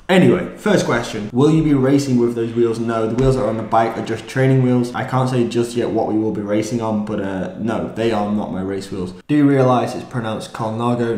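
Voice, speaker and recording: Brief: young man, lowish voice, relaxed Q&A vlog, roomy echo. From Ireland. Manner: relaxed, casual, stumbles over words. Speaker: cycling vlogger. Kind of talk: answering viewer questions. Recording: echoey room.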